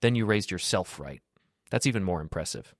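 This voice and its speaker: A man voicing a frail, tearful elderly woman in a read-aloud story, with a soft, steady delivery. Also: low voice, fairly quick, no room sound, clean studio sound. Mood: tearful kindness.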